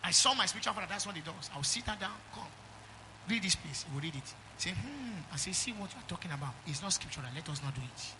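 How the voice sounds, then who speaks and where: A middle-aged Nigerian-accented man preaching a sermon in church, calling out to the congregation and swinging from loud exhortation to quiet asides. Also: sits high, lively intonation, fast talker, background noise. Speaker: pastor.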